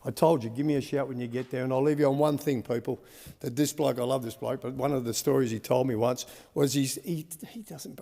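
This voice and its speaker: An Australian senator giving a rambling, folksy farewell speech in parliament, calling the listener "mate" again and again. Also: male voice, mid-range voice, fairly even intonation, brisk, vocal fry, warm tone. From Western Australia. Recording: reverberant parliamentary chamber.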